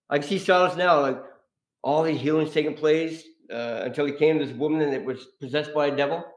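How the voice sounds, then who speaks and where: A man preaching an informal sermon, telling stories with frequent laughter. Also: a little high. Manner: animated, laughs often, storytelling. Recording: echoey room.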